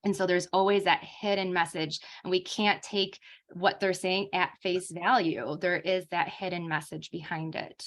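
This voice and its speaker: A woman's voice: fairly low pitch, steady tone, moderate pace. A young adult woman giving an informal lecture as a speech therapist, talking casually with many fillers.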